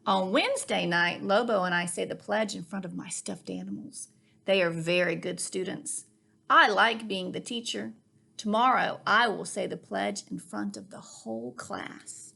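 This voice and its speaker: A woman reading a children's picture book aloud in an expressive read-aloud manner. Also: mid-range voice, moderate pace, creaky. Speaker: reader. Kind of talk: storybook reading.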